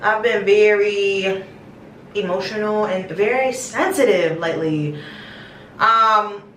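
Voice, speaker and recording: Speaking slowly in a medium-pitched, slightly bright voice, a young woman chats to camera from a small bathroom and affectionately calls her viewers her babies as she rambles. The distant mic gives an echoey sound with a little hiss or hum.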